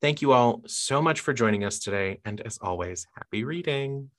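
A woman's voice: extremely low pitch, lively intonation, moderate pace. A woman hosting a casual book podcast, chatty and upbeat as she leads questions and sign-offs. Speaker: podcast host.

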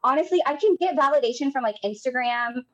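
A young woman from Texas, a podcast guest, telling stories and jokes in a dry, deadpan way. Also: sits high, fast talker, muffled recording. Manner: deadpan, dry jokey storyteller. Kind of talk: casual chat.

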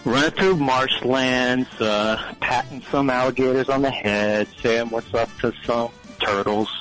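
A man from New Orleans calling in to a radio show, talking in a hesitant, deadpan way with many ums. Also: medium pitch, a little slow, soft background music, poor audio. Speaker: caller. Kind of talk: call-in radio chat.

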